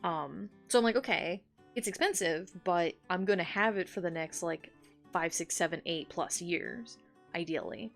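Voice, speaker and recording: Chatty woman streamer with a gravelly edge. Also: lowish voice, moderate pace. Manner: chatty, rambling with many "like"s, laughs often. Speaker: art streamer. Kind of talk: casual stream chat. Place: home. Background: soft guitar music.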